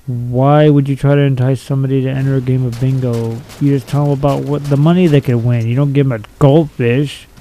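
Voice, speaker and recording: A young man reads out a list of strange laws and tears into each one with crude, mocking commentary. His voice sits at a middling pitch with a mellow, dark tone. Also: fairly even intonation, a little fast, few pauses, slight background noise, rough recording. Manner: blunt, profane and mocking. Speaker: video commentator. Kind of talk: reading out and ranting about silly laws.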